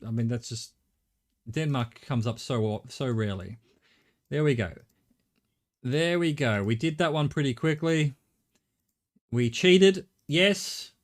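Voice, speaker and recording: A man's voice: medium pitch, animated, takes it slowly, pauses often. A middle-aged man with an Australian accent giving live game-stream commentary, thinking aloud and chatting casually with his viewers.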